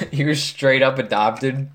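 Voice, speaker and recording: Very deep-voiced young woman, teasing. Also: a bit bright. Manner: quick, teasing, curious. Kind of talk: casual chat. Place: basement.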